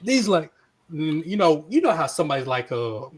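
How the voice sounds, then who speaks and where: Slightly high-voiced man ranting casually. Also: sing-song, moderate pace, husky. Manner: irritated ranting with profanity. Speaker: podcast co-host. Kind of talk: casual chat.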